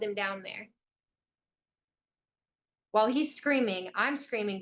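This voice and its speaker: A woman's voice: medium pitch, slow pace, pauses often, fairly bright tone, slight background noise. A young woman from Illinois, a guest in an interview, giving an urgent, intense personal account.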